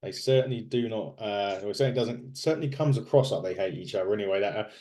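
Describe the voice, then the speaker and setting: This man speaks fast in a lowish, mellow voice while co-hosting a podcast. The talk is a loose, casual wrestling recap, rambling with plenty of fillers and false starts.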